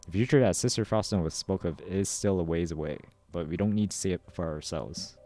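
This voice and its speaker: A man's voice: low voice, a little fast, mellow, soft background music, natural voice. A man reading a devoted rebel soldier. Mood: resolute.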